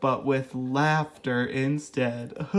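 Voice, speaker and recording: Slow, gentle woman reading a storybook. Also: lowish voice, expressive, soft background music. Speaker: children's storytime reader. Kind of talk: reading a picture book aloud to children.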